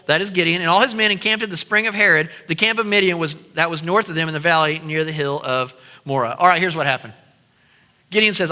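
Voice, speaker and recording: A man preaching a sermon, telling a Bible story with animated, casual acted-out dialogue. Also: high voice, big-room sound. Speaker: pastor. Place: church sanctuary.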